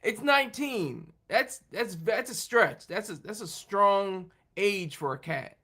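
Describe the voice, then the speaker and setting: A man's voice: high-pitched, lively intonation, sharp tone. A man hosting a casual livestream chat, rambling through restarts and asides as he answers viewers. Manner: rambling, halting, with many restarts and laughs. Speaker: livestream host talking with viewers.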